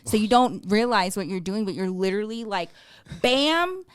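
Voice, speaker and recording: Animated woman co-hosting a couples podcast, dry sound. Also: mid-range voice, brisk, smooth, no echo. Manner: animated storytelling, profanity, laughs a lot. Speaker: podcast co-host. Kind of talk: casual chat.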